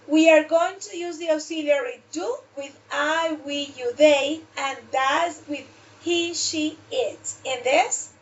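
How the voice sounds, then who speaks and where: A woman gives an English grammar lesson, repeating each example sentence with deliberate care. Her voice sits high and she speaks unhurriedly. She is picked up from some distance on a dull, muffled recording. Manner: repeats example sentences slowly and deliberately, switching to Spanish for explanations. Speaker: English teacher. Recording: dull distant mic in a room.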